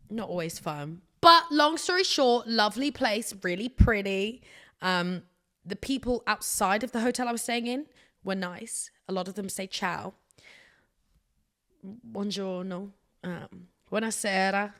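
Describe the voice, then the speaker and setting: A woman chats on her own podcast in a loose, rambling way. She mocks herself as she goes and jumps from loud outbursts to hushed whispers. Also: medium pitch. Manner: rambling, animated, self-mocking storytelling with sudden whispers. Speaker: podcast host. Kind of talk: casual solo podcast chat.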